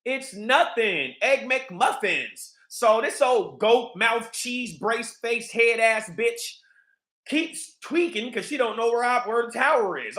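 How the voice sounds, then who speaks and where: A man's voice: very high-pitched, animated, takes it slowly, fairly bright tone. A man hosting his own vlog, telling a rambling, profane story in a casual monologue. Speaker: vlog host. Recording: echoey room.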